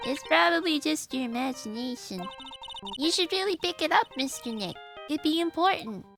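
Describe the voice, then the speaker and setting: A woman's voice: high-pitched, animated, moderate pace, creaky, music in the background, voice pushed up. A woman voicing an eager, polite young girl sidekick in a video game, sweet and insistent. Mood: coaxing.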